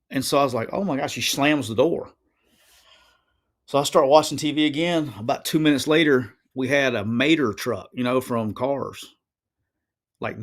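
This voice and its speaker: A man, telling stories in a casual chat as a guest, animated and rambling, often repeating himself. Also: mid-range voice.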